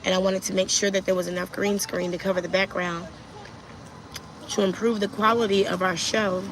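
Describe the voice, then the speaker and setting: Woman host of a casual live stream, chatty, mid-pitched, answers her chat. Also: little pitch movement, brisk, background noise. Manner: chatty, reads viewer comments aloud and answers them. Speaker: livestream host.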